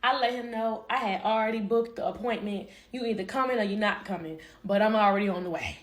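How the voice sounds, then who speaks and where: A young woman telling a personal story in casual vlog style, animated and acting out what people said. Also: mid-range voice, fast talker. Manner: animated, acts out quotes, laughs. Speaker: vlogger.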